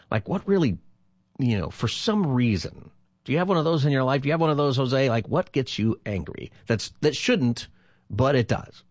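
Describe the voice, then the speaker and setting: A man's voice: mid-range voice, sing-song, moderate pace, no echo, clean studio sound. A man in his fifties hosting a call-in radio talk show as a pastor, chatty and rambling, laughing easily as he talks.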